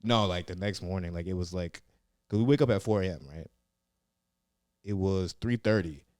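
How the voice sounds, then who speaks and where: A young man with a very low voice tells loose, profanity-laced stories in a casual podcast chat, leaning on "like" and "yeah." The sound is close and dry, with no room around it. He talks in easy, meandering bursts. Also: moderate pace, a little mellow, no echo. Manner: rambling, profane, heavy on "like" and "yeah". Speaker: comedian and former Marine recruit, podcast guest. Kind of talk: casual storytelling interview.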